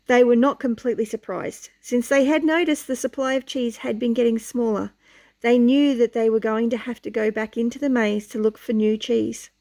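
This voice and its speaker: A woman reading a picture book aloud to young children, lively and questioning as she goes. Her voice sits fairly high but sounds mellow, with a gravelly texture. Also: moderate pace. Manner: animated, asks the listener questions. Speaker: storyteller.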